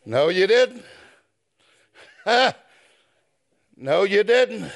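A man preaching a sermon, swinging from shouted chanted phrases down to low spoken asides. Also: big pitch swings, very slow, gravelly.

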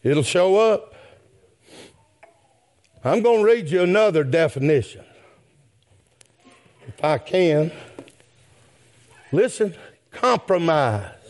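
High, swooping preacher man. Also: very animated, takes it slowly, long pauses. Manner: chanted preaching that swells into shouted peaks; repeats "my friend" and "yes, sir" as refrains. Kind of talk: sermon.

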